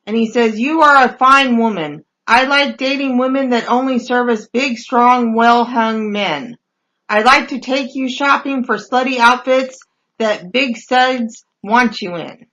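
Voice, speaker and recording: A woman with a fairly high voice tells comic stories in a casual way. She reads out dating-site messages in a wry, deadpan tone and trails off into hesitant fillers as she goes. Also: a little slow, poor audio. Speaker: podcast host reading dating-site messages. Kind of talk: casual comedic storytelling.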